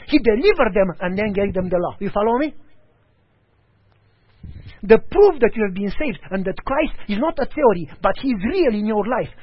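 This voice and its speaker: Male preacher, lively storytelling delivery with voiced dialogue; high, animated pitch. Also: breathy edge. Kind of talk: sermon. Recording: dull lo-fi audio.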